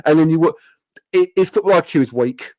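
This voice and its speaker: A man's voice: fairly high pitch, a little fast, dry recording. A man in casual, banter-heavy football chat on a podcast. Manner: animated, banter-heavy, says "like" and "mate" often.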